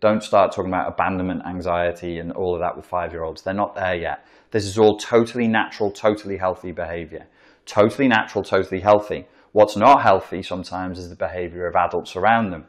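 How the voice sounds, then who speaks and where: A man's voice: low-pitched, fairly even intonation, fast. A man giving a casual, rambling talk that explains a psychological topic, with emphatic asides and acted-out examples. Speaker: commentator explaining narcissism.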